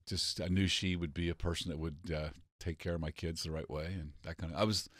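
Older man, deep radio voice. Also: fairly even intonation, a little fast, a bit bright, no echo, clean studio sound. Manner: deep radio-style voice, laughs easily. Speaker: guest, host's father. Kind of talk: casual chat.

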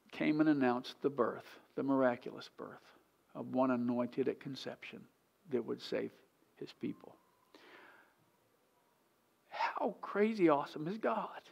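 A male pastor preaching a sermon in church, animated and often questioning the congregation directly. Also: mid-range voice, vocal fry. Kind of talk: sermon teaching.

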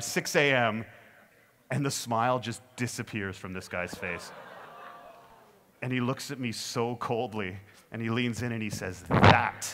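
A man delivers a comic keynote story to an audience, animated and self-deprecating. His voice sits at an ordinary middle pitch, and he leans hard on timing for laughs. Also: a little hiss or hum. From Canada. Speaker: keynote speaker.

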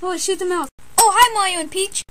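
A woman voicing every character in a homemade animation, excitable and switching between put-on voices with sudden cries and shouts. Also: extremely high pitch, fast talker. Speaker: amateur voice performer.

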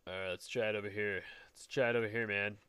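A man's voice: on the low side, steady tone, quick pace, a bit bright, clear, resonant tone. A man hosting a casual game video, rambling and joking to himself as he builds. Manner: jokey, rambling, talks to himself while building. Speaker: Let's Play host. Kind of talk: casual gameplay commentary. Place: at home.

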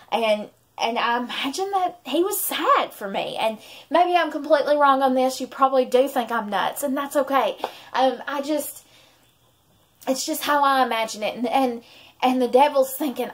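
A woman tells a personal faith story in a heartfelt, rambling way, circling back and restarting her sentences. Her voice sits a little high for a woman. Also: lively intonation, moderate pace. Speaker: vlogger and mother. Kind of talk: emotional personal testimony.

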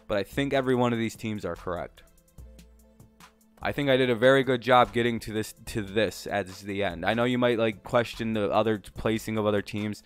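This man's voice sits on the low side and sounds smooth. As a channel host, he casually talks through his sports predictions, rambling with lots of fillers and some swearing, and he's a bit out of breath.

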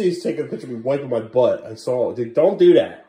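A man's voice: mid-range voice, expressive, fast talker, warm tone, rough recording. A man filming a casual family vlog at home, coaxing his young sons and then scolding them in exasperation. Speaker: father and family vlogger.

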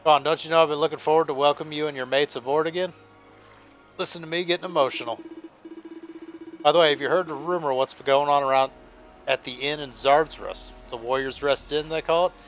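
A man's voice: fairly high pitch, steady tone, brisk, fairly bright tone, muffled recording, soft background music, close to an everyday voice. A man reading aloud as a jolly, chatty male ship captain, in a folksy way. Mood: chummy. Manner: reads game dialogue aloud, folksy.

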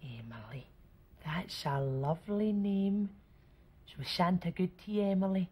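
A woman's voice: a little slow, husky, highs cut off. A Scottish woman in a comedy sketch, coaxing a child in a sugary voice. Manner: sickly sweet coaxing, then shrill and unhinged.

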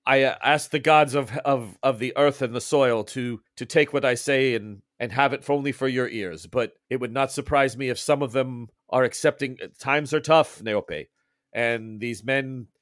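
A man voicing a loyal, deep-voiced Kenyan estate keeper who speaks in simple, earnest phrases. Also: moderate pace, no room sound, studio quality, natural voice. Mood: worried. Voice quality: deep booming voice.

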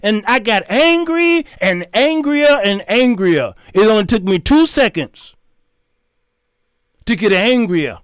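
A middle-aged man, hosting his show and telling a story in an animated, preachy way with sudden shouts. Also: high-pitched, slow pace, smooth, dry recording, clean studio sound. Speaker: show host. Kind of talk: storytelling commentary.

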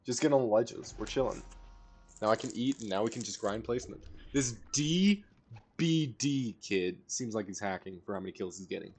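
A young man giving casual live commentary to a teammate while playing a battle royale game, rambling one moment and shouting callouts the next. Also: fairly low pitch, normal speed, slightly rough. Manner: casual, rambling, bursts into excited shouting in fights. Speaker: gamer streamer.

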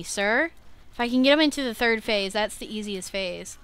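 A young woman hosting a let's play, chatting to the game as she plays, animated and quick to swear. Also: mid-range voice, clean tone. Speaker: gaming channel host.

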